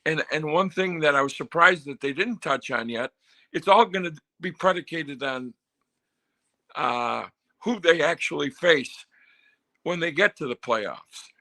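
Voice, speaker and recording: A man's voice: a little high, a little slow, pushed and bright. A man calling in to a sports show, chatting in a friendly way and thinking aloud with fillers. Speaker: caller. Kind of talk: casual call-in chat.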